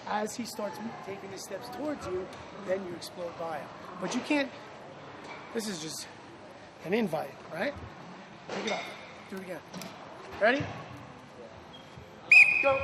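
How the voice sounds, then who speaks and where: A man whose voice sits high coaches lacrosse players at practice, energetically calling out praise and directions. His delivery is expressive and unhurried, with long pauses, and the field recording is noisy.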